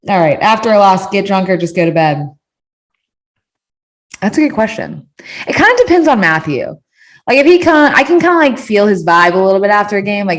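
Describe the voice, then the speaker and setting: A woman chats candidly in her thirties' voice, pitched a little low. She rambles through listener questions with plenty of fillers, restarts and casual swearing. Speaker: podcast host answering listener questions. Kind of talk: casual chat.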